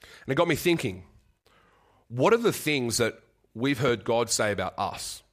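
A man's voice: medium pitch, big pitch swings. Earnest young man preaching. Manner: earnest, halting, repeats words, gets choked up. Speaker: guest preacher. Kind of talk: sermon with personal story.

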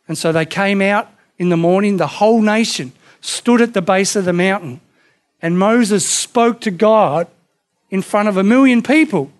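A man pastor preaching a sermon with impassioned emphasis, rising to loud peaks and dropping to hushed, quiet lines. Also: sits high.

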